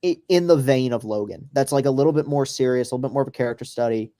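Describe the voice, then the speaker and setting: Talking very fast in a mellow, mid-range voice, a podcast host rambles casually over a live baseball game with profane asides.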